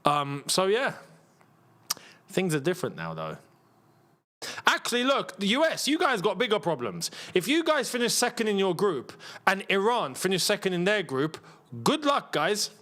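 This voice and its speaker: A man hosting a live football watchalong, chatty and rambling, with excitable bursts at the match action. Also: high-pitched, normal speed. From England. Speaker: football channel host.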